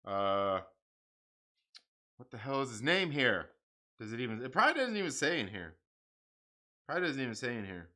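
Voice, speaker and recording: A man's voice: mid-range voice, big pitch swings, normal speed, long pauses, bright, forceful tone. A man hosting a livestream, rambling in casual profane chat and laughing often. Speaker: livestream host reading comics.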